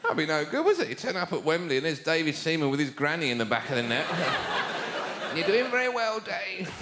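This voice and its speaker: A man doing a sardonic stand-up routine on stage, mocking his subject and breaking into shouted mimicry. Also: a little high, very animated, rapid-fire. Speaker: stand-up comedian. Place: theatre stage before a live audience. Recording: live show with loud audience noise.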